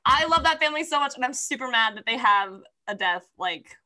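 Dramatic, higher-voiced woman podcaster. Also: lively intonation, a little fast, sharp tone. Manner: dramatic, exasperated, playful. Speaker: podcast co-host. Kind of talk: casual chat about books.

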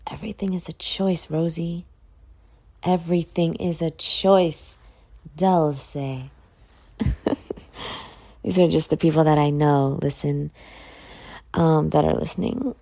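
A woman hosting her own podcast, just woken up and yawning, talking in a slow, reflective drawl with casual swearing. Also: low voice, fairly even intonation, creaky, dark tone. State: sleepy, yawning. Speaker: podcast host. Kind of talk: casual solo podcast talk.

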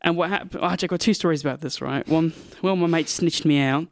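A young man with a light English accent, softened by years in Australia, telling school stories in a casual interview, with lots of fillers. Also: a little high, fast, no room sound. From England. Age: young adult. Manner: animated, acts out voices in anecdotes, lots of fillers. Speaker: guest, university student.

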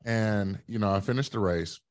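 Deep-voiced man telling stories. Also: moderate pace. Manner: blunt, animated storyteller. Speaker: podcast guest, running coach. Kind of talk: casual interview storytelling.

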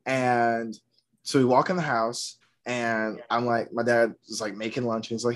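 A man's voice: mid-range voice, brisk. A young man from Georgia telling a comedic story as a podcast guest, acting out the people in it. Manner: animated, acts out the people in his story.

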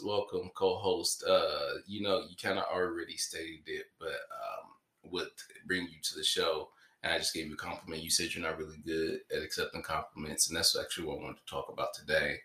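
A man's voice: a bass voice, normal speed, pushed and bright, roomy sound. A man hosting his podcast in casual chat, joking and playful, rambling along as he talks to a co-host.

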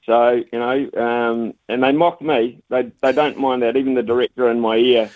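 A man's voice: medium pitch, fairly even intonation, moderate pace, no echo. New man on a tinny phone line. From New Zealand. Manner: stammering, repeats words, chatty. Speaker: cricket commentator, radio guest. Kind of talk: casual radio phone interview.

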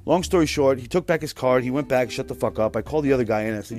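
A man's voice: mid-range voice, very fast. A man in his thirties hosting a podcast, telling a profane, exasperated story about his work. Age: 30s. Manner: profane, exasperated, mimics other people's voices. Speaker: podcast host. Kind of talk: casual storytelling rant.

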